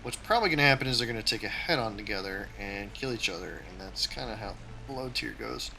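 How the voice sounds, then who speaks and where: A man's voice: on the low side, lively intonation, fast talker, vocal fry, background noise. A man hosting his own gaming channel, giving a casual, tactical play-by-play of his flight game as he plays.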